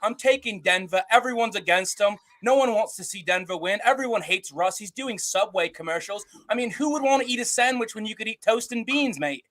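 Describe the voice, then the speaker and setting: A cheeky young English lad with a put-on accent chats in slang, his voice high and bright, as a man on a podcast puts him on. He jokes along through it. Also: lively intonation, brisk, hardly any pauses. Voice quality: joking, slangy. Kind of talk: joking impression on a podcast.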